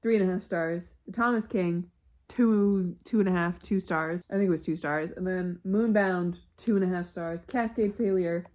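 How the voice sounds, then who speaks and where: A young woman talking casually at home in a reading vlog, candid and quick to swear and laugh. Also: fairly low pitch, a little mellow. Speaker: book vlogger.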